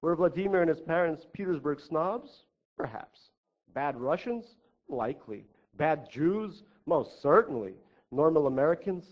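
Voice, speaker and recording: A man's voice: on the high side, expressive, measured pace. A male author reading his own fiction aloud at a writers' festival, with a wry, ironic delivery. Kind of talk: live reading of literary prose. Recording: dull lo-fi live recording.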